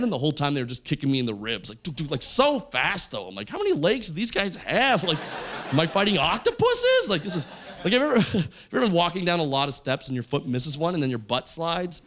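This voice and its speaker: Stand-up comic, man in his forties from Canada, slightly high voice with lots of swing, leaps into shouty characters. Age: 40s. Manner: animated, jumping into loud high character voices. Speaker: stand-up comedian. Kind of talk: stand-up storytelling. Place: stage of a comedy show.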